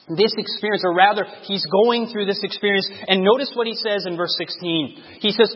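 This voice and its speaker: A man preaching a sermon, reading scripture dramatically and sinking to a near-hush on key words. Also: high-pitched, brisk, hardly any pauses, breathy edge. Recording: dull lo-fi sound with long hall reverb.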